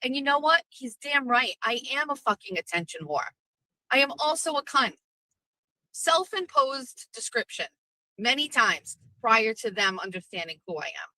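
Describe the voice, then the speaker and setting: A middle-aged woman hosting a podcast, ranting brashly with lots of swearing and animated storytelling. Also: on the high side, normal speed, no echo, rough recording. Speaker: podcast host. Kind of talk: profane livestream rant.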